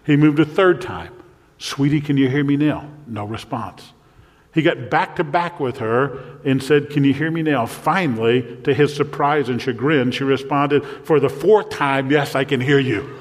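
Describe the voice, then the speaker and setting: A male pastor delivers a sermon in a medium-pitched voice. He asks the listeners pointed rhetorical questions, then drops to a soft, near-whispered tone. His voice rings with the long reverb of a large hall. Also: measured pace. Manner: preaching with rhetorical questions and sudden drops to a hushed voice.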